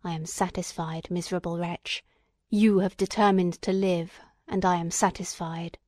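A woman's voice: fairly even intonation, moderate pace, no echo, clean studio sound, natural voice. Woman whispering as a cold mocking monster. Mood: coldly mocking. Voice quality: low, hushed whisper. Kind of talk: whispered role-play.

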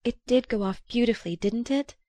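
A woman's voice: on the high side, a little fast, warm tone, no room sound, pitched above the performer's own voice, natural voice. A woman reading aloud who voices a young wife, eager and lightly questioning.

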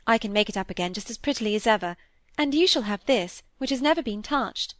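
A woman's voice: medium pitch, animated, no room sound, natural voice. Woman doing a breezy, careless young lady. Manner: brisk, breezy, dismissive.

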